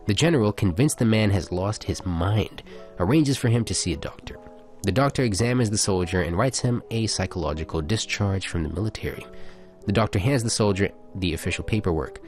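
A young man with a low voice reads jokes aloud in a dry storytelling way, and his pitch rises and falls a lot. Faint music plays under the casual chat. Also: expressive, a little fast, a little mellow. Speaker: co-host reading jokes.

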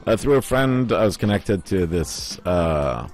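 A man's voice: sits low, lively intonation, a little slow, darkish tone, soft background music. A man from Oman co-hosting a casual chat, telling stories and acting out what people said. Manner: storytelling, puts on voices when quoting people. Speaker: podcast co-host.

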